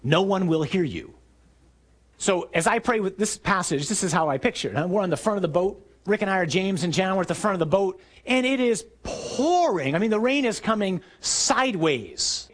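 Guy preaching, kinda high voice, acts out the story, gets loud then goes quiet. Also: lively intonation, normal speed. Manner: storytelling, acts out scenes with raised shouting voice. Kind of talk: sermon.

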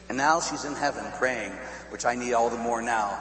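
A man's voice: medium pitch, moderate pace. A middle-aged man from Pittsburgh, a Catholic priest telling stories in a sermon, laughing often and asking the crowd "huh?". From Pittsburgh, USA. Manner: animated storyteller who laughs and asks the crowd "huh?". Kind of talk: storytelling sermon. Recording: echoey hall with faint hum.

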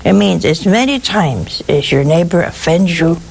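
A woman's voice: fairly low pitch, lively intonation, moderate pace, vocal fry, a little mellow, slight background noise, rough recording. A woman giving a sermon, telling stories with humor and asking her listeners rhetorical questions. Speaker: preacher.

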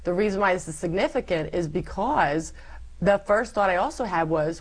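Lively woman telling her faith story. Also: on the low side, moderate pace, poor audio. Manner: lively storyteller acting out her past self. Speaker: interview guest. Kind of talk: personal faith testimony.

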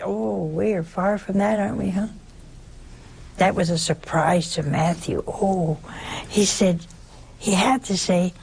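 A woman preaches in a relaxed, talky way, as if chatting with her listeners. Her voice has a gravelly edge, and she keeps throwing out rhetorical questions. She jumps up sharply in pitch when she wants to stress a point. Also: a little slow, long pauses. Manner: conversational, rhetorical questions and sudden emphatic leaps in pitch. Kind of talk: informal sermon.

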